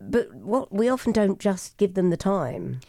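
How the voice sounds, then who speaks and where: Mellow-voiced woman host, halting. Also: medium pitch, very animated, vocal fry, no room sound, studio quality. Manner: emotional, rambling, halting. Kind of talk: casual chat.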